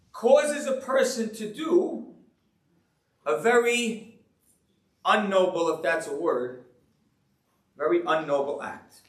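A man preaches as a rabbi with a high, lively voice. He talks to his audience in a joking, rhetorical way. The sound is roomy and echoey. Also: far from the mic. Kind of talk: sermon to a live audience. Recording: echoey room.

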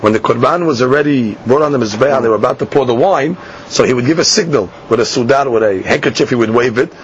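A man teaching a Talmud class. He reads each line slowly and then explains it in plain English. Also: medium pitch. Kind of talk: Talmud class, reading and translating. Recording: dull lo-fi class recording with faint hiss.

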